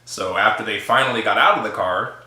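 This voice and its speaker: Bright-voiced man telling a funny story. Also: on the low side, fairly quick, reverberant. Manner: laughing, animated retelling, quoting his wife. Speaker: guest husband telling a story. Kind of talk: casual storytime chat.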